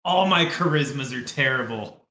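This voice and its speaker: A man playing a tabletop game, speaking slowly and deliberately in character. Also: medium pitch, expressive, bright, forceful tone. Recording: roomy, off-mic sound.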